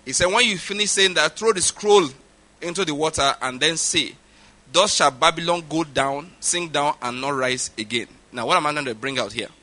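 A middle-aged Nigerian-accented man preaching with a raised, ringing voice. His tone is sharp and bright, and he drives his points home by repeating them. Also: on the high side, normal speed. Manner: emphatic, repeats points for stress. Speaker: pastor. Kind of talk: sermon.

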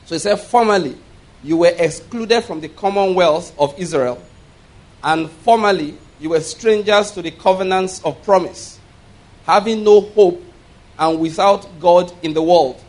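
A man's voice: sits high, measured pace. A man preaching a sermon as pastor. He reads scripture aloud, explains it line by line, and has the congregation repeat words back. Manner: leads the congregation in call-and-response; asks "all right?" as a check-in.

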